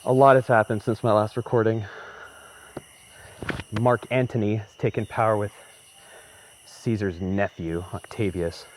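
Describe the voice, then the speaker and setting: A man playing an anxious documentary maker who reports in a halting, nervous way. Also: lowish voice, steady tone, slight background noise, lightly acted. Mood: tense. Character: anxious male documentary maker inside a conspiracy.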